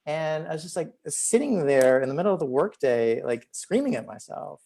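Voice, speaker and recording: A physician and host talking casually on a video call, telling stories with lots of filler words. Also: male voice, medium pitch, lively intonation, moderate pace, vocal fry, darkish tone. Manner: chatty, many "like" fillers. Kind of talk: casual conversational storytelling.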